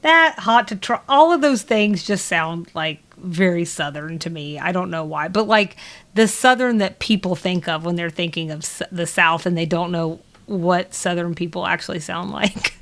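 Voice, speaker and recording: A woman's voice: fairly low pitch, normal speed, fairly bright tone. A woman co-hosting a podcast in casual chat, self-deprecating and giggly, rambling a little as she talks. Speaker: podcast co-host.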